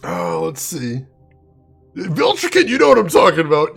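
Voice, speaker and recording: A man's voice: high voice, very animated, normal speed, vocal fry, breathy edge, soft background music. A man live-streaming a game in a chatty way, laughing often and answering viewers by name. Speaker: game streamer reading chat. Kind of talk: casual live-stream chat.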